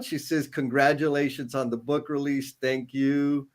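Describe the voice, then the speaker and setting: A man's voice: medium pitch, steady tone, a little slow, few pauses. A man in his thirties co-hosting a casual livestream, reading viewer comments aloud and getting choked up and emotional. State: emotional, near tears. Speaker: co-author and livestream co-host.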